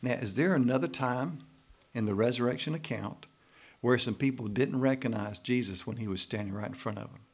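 A man preaching a sermon as pastor, lively and emphatic, often checking in with "right?" and pushing to loud emphasis. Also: mid-range voice, brisk.

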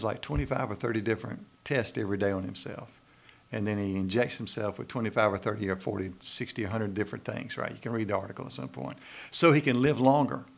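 A man's voice: on the low side, gravelly. A man preaching a sermon, building emphasis and tossing in frequent questions to the congregation. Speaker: pastor.

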